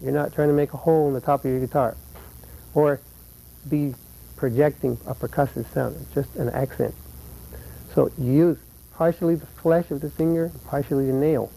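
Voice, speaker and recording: A man teaching flamenco guitar, explaining rhythm patterns patiently and counting beats aloud slowly. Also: fairly high pitch, steady tone, vocal fry, warm tone, low-quality recording. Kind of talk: instructional lesson.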